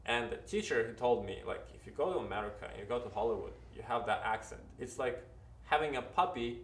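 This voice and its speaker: A man's voice: medium pitch, lively intonation, fast, roomy sound, far from the mic. A man with a Ukrainian accent, an actor giving earnest advice in an interview, often restarting his sentences. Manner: earnest, advising, with many restarts. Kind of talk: casual interview talk.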